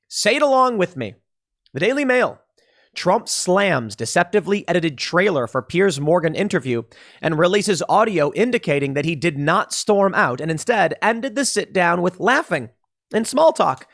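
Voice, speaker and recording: A man's voice: a little high, a bit bright. A man hosting solo political commentary, talking in a sarcastic, emphatic way and mocking the people he quotes.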